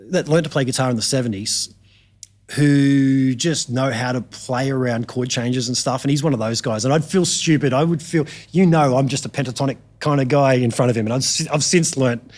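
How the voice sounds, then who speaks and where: A man's voice: mid-range voice, normal speed. Australian man, guest guitarist, easygoing anecdote-teller, loose and slangy, full of ums. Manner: laid-back, slangy, many ums and restarts. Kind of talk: casual podcast storytelling.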